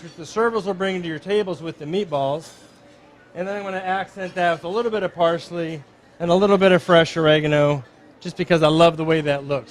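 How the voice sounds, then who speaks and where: At a dinner event, a middle-aged man cooks live as the chef, his voice a little high. He stays cheerful and talkative, walking through every step.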